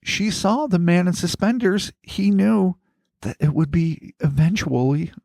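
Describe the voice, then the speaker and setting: A man's voice: high voice, measured pace, gravelly, darkish tone, no room sound, clean studio sound. A man hosting a podcast who reads listener stories aloud and riffs on them in a rambling, profane, joking way. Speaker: podcast host. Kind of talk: casual podcast chat and story reading.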